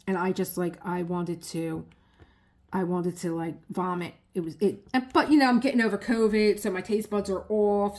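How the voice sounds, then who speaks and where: A middle-aged woman chatting casually to her viewers, telling a story lively with acted-out quotes. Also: mid-range voice. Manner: animated storyteller acting out quotes with laughs. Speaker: vlogger.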